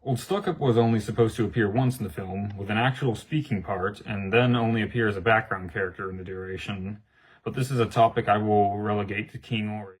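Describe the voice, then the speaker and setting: A man's voice: fairly low pitch, fairly even intonation, fairly quick, husky, poor audio. A man, the channel creator, giving a formal, scripted announcement to his viewers. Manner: formal, read-out delivery.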